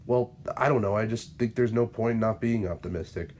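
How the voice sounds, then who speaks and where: A man's voice: lowish voice, a little fast, a little mellow, slight background noise, lightly acted. A man reading the lines of an optimistic, reassuring woman in a fan-written story, without changing his voice. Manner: hopeful, reassuring.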